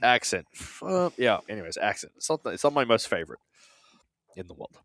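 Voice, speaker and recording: A man's voice: fairly low pitch, big pitch swings, fairly quick, a bit bright, dry recording. A man from South Africa with an Australian accent and South African traces, co-hosting a podcast in casual, rambling, self-deprecating chat with some swearing. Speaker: podcast co-host.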